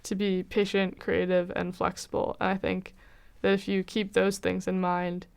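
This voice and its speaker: A woman's voice: on the low side, monotone, moderate pace, vocal fry, clear, resonant tone. A young American woman, a university student, giving a candid, reflective personal testimonial with frequent "kind of" hedges. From United States. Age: young adult.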